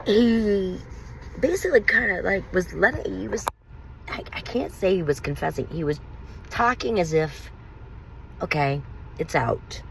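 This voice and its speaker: Gravelly-voiced woman telling a raw story. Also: medium pitch, lively intonation, a little slow, pauses often, slight background noise, rough recording. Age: adult, mother of young children. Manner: emotional, rambling, raw. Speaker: vlogger telling her own story. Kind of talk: confessional storytelling.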